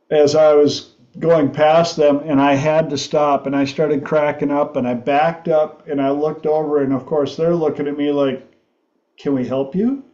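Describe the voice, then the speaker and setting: Slow, laughing male storyteller. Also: a little high, warm tone, roomy sound, muffled recording. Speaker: host. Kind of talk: storytelling talk show.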